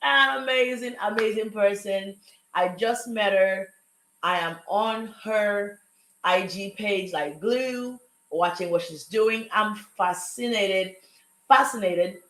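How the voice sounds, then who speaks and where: A woman with an African accent hosts a live talk show, exuberantly welcoming viewers and a guest in upbeat chat. Her mid-range, fairly bright voice moves slowly, in an echoey room with poor audio.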